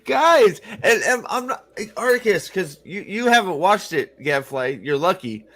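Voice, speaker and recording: Excitable man with a lively voice. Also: sits high. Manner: excitable, crude, quick to laugh. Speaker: host. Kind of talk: casual fan chat.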